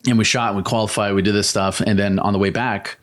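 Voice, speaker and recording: A man from California with a low voice talks through a story as a podcast guest. He is in his thirties and speaks loosely, with plenty of "like" and false starts. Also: fast talker. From California, USA. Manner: lively storytelling full of "like" and restarts. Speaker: guest, active-duty soldier. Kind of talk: casual podcast interview.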